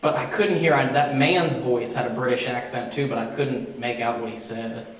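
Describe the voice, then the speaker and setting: A man's voice: mid-range voice, fairly even intonation, moderate pace, slight background noise. Man, investigator, rambling casual talk, far from the mic, roomy echo. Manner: rambling, filler-heavy recounting. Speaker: paranormal investigator. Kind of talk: casual chat. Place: inside a large old prison building. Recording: echoey hall, voice from far off.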